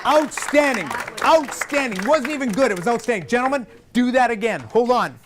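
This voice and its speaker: A male vocal coach leading a live group singing workshop, energetic and directive, joking with the singers. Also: very high-pitched, quick pace, crowd noise, background noise.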